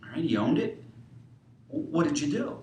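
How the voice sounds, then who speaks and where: A man's voice: fairly high pitch, sing-song, moderate pace, darkish tone, echoey room, recorded from a distance, a little hiss or hum, rough recording. A man teaching a counseling class, walking through a client case and quoting the dialogue, with frequent fillers. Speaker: counseling instructor. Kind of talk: lecture with case role-play.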